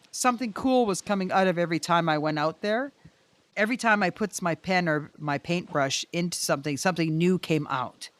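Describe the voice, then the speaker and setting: A middle-aged woman telling her story as a podcast guest, expressive and excitable, cursing freely. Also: low-pitched, dry recording. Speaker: guest, muralist. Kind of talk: casual storytelling.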